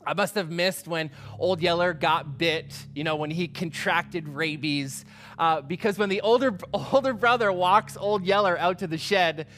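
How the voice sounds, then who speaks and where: Male pastor, middle-aged, high voice, lively anecdotal sermon delivery. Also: a little slow, slight background noise. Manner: animated, acts out quotes with exclamations. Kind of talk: casual storytelling sermon.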